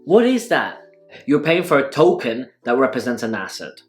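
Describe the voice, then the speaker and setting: A man's voice: mid-range voice, big pitch swings, moderate pace, soft background music. A man hosting a casual eating vlog, talking through mouthfuls in a wry, sarcastic way. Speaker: food vlogger. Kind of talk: casual mukbang vlog talk.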